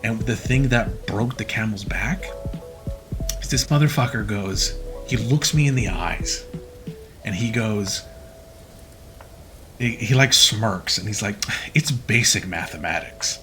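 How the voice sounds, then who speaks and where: A man's voice: fairly low pitch, takes it slowly, pauses often, music in the background. Profane man telling a retail story. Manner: profane, animated, acts out quoted dialogue. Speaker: streamer telling a work story. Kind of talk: casual storytelling on a late-night stream.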